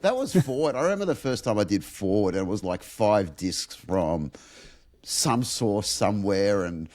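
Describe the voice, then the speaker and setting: A man's voice: lowish voice, animated, measured pace, darkish tone. A middle-aged man, a podcast guest and car diagnostics instructor who talks in a teasing, self-mocking way. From Australia. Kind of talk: casual chat.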